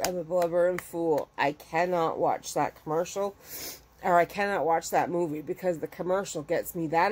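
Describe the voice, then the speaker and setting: A woman's voice: fairly low pitch, a little mellow, slight background noise. A middle-aged woman chatting casually as a crochet vlogger at home, rambling and emotional as she talks. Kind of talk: casual chat. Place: home with her dogs.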